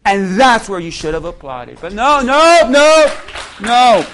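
A man's voice: extremely high pitch, expressive, normal speed, fairly bright tone, slight background noise. A male pastor preaching a sermon in church, joking with the congregation and leading call-and-response. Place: church sanctuary.

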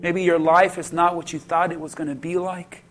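A man preaching a sermon as pastor, calling out to the congregation and bringing them to a quiet prayer. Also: fairly high pitch, level tone, moderate pace. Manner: preaching with call-and-response, from shouted peaks to a hushed altar call. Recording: music playing under the voice.

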